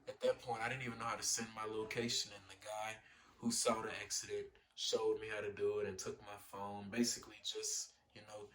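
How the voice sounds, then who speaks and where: Animated young man telling a storytime. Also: lowish voice, a little fast, far from the mic. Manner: animated storytelling with lots of fillers. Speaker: vlogger. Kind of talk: storytime vlog.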